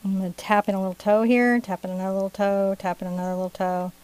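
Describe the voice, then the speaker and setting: A woman's voice: medium pitch, steady tone, fast talker, a little mellow. A middle-aged woman teaching a live painting lesson, chatty and playful, joking and laughing between her steps. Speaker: art instructor. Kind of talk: live-streamed painting tutorial.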